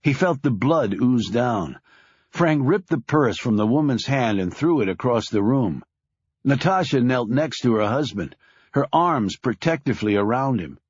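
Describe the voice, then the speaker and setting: A man reading a thriller audiobook in a grave, measured way, dropping low on sad lines. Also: animated, husky, no room sound, muffled recording. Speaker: audiobook narrator. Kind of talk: scripted audiobook narration.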